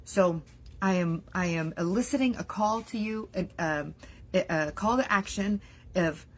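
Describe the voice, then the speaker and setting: A young adult woman coaching on business mindset in a casual, animated talk to camera, acting out worried inner voices and leaning on "like" fillers. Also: on the low side, unhurried, a little hiss or hum.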